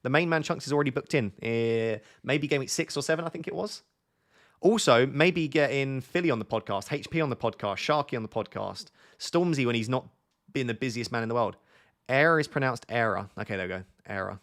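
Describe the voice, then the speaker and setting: Male streamer, mid-pitched, joking, waffly, casual chat. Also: fairly quick.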